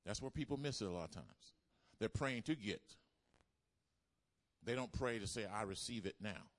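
At a church service, a man with a mid-range voice and lively intonation preaches at normal speed. His call-and-response sermon leans on emphatic repetition, drawing answers from the congregation.

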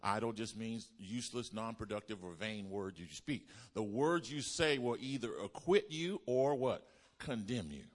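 A pastor preaching a sermon to his congregation, asking them to repeat lines back and building up to loud exclamations. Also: on the low side, normal speed. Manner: call-and-response preaching, builds to shouts. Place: church.

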